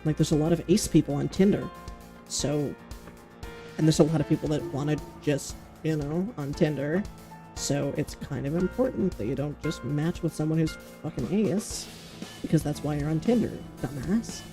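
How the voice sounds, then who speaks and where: A woman streamer chatting casually and rambling on, blunt and quick to swear. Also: low-pitched, music in the background. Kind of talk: casual livestream chat.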